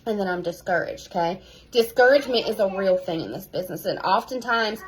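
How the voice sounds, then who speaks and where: A woman, a sales team leader giving an animated, casual pep talk at home, repeating key phrases for emphasis. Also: mid-range voice, a little fast, poor audio.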